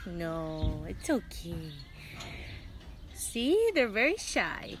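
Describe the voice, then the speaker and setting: A woman's voice: slow, background noise. A woman from Southern California filming a casual vlog outdoors, talking playfully to her animals. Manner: playful baby talk to pets, lively swings in pitch. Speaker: vlogger.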